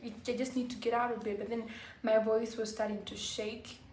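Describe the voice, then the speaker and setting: A woman vlogger telling a personal story to camera, halting and full of fillers like "like" and "you know". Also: a little high, flat delivery, darkish tone. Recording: roomy echo, faint background hiss.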